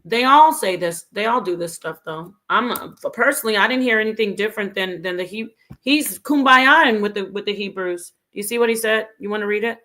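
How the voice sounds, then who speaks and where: A woman's voice: medium pitch, a little fast, hardly any pauses, sharp tone. A woman hosting a casual commentary show, speaking in an earnest, critical and emphatic way. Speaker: host.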